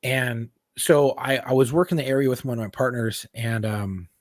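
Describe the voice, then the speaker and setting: A man co-hosting a podcast, a former police officer telling fast, profane stories and acting out the people in them. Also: medium pitch, no echo, clean studio sound. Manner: fast, profane, animated retelling with voiced quotes. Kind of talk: casual storytelling.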